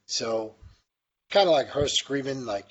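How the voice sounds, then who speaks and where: A man's voice: medium pitch, lively intonation, a little slow, husky. A man being interviewed, telling a long personal story with many restarts and quoted back-and-forth. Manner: rambling, with frequent restarts and quoted dialogue. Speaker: interview guest. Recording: slightly dull, lo-fi sound with faint background noise.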